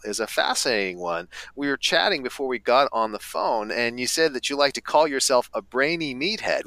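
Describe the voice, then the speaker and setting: A male podcast host with an upbeat, eager manner. His bright, forceful voice swings widely in pitch. The sound is close and dry, with no room around it. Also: no echo, low-quality recording. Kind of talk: podcast interview.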